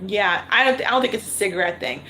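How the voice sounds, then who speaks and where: A woman's voice: medium pitch, lively intonation, quick pace, heavy background noise. A woman reading tarot cards on a livestream, thinking aloud and repeating her questions to spirit. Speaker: tarot reader. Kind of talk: live-streamed tarot reading.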